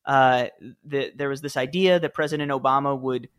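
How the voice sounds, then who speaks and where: A man in his thirties, a guest author and former speechwriter, telling anecdotes in an animated, self-deprecating way with quick restarts. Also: mid-range voice, smooth. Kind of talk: conversational interview storytelling.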